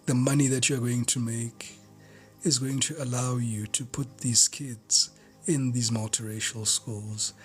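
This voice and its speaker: A man gives a collective tarot reading in a fervent, repetitive way. His voice is mid-pitched, and he often drops to a hushed whisper. Faint music plays behind him. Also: fairly even intonation, a little slow. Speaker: tarot reader.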